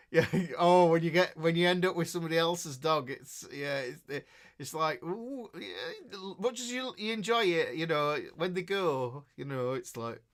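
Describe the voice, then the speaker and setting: A man's voice: high voice, fairly bright tone. A middle-aged man with a Yorkshire accent, a guitar teacher chatting casually and rambling as he reads out live chat messages, full of fillers and restarts. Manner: chatty and rambling, with many fillers and self-interruptions.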